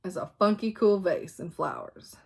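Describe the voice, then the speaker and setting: A woman's voice: fairly low pitch, lively intonation, moderate pace, vocal fry, husky. A woman hosting a casual show-and-tell chat about stitching, laughing often and stopping to talk to her dogs. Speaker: flosstube host.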